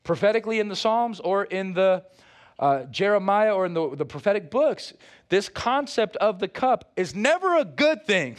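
High-voiced preaching man. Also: normal speed. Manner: animated preaching with playful asides; calls out to the congregation. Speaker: pastor. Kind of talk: sermon.

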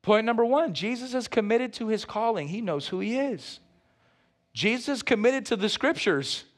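A pastor preaching a sermon with animated delivery, playful asides and calls out to the congregation. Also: male voice, high-pitched, moderate pace.

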